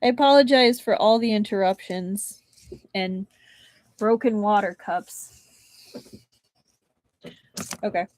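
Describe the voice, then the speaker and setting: A woman's voice: mid-range voice, slow pace, long pauses, darkish tone, no room sound. Woman reading a novel on a live stream. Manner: chatty asides between narration.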